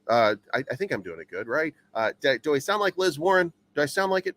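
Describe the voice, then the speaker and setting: A man's voice: a little high, very animated, fast talker, hardly any pauses, a bit bright, no echo. A man hosting a crypto news channel, reading headlines aloud and rambling through them with stammering repeats and many fillers.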